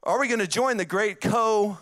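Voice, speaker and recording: A man's voice: sits high, fairly quick, fairly bright tone, dry recording, studio quality. A man in his forties with a Southern accent, preaching a sermon with emphatic, repeated phrases that build up. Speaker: pastor.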